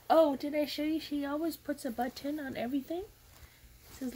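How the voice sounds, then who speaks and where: A woman's voice: high voice, steady tone, moderate pace, dark tone, low-quality recording. A woman vlogging as she opens a gift, talking emotionally and gushing, often tearful and laughing. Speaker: crafting vlogger. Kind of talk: unboxing vlog.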